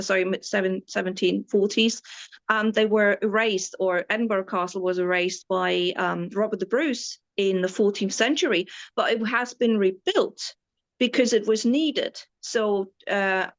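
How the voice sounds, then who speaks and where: A German-born woman in her forties, with an English accent tinged by the British Isles, telling stories as a tour guide in an enthusiastic, rambling way with many restarts. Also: medium pitch. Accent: British Isles-influenced English. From East Germany. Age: 40s. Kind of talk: casual interview storytelling.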